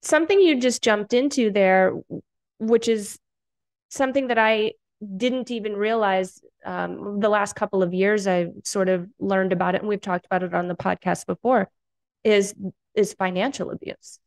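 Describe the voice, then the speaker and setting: Woman podcast host, gentle and supportive, asks careful questions. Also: mid-range voice, moderate pace. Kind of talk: casual interview.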